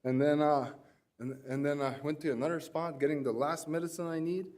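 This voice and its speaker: A man's voice: a little high, steady tone, brisk, darkish tone. A man presenting at an education forum, telling rambling, self-deprecating anecdotes with many restarts. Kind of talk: anecdotal storytelling talk.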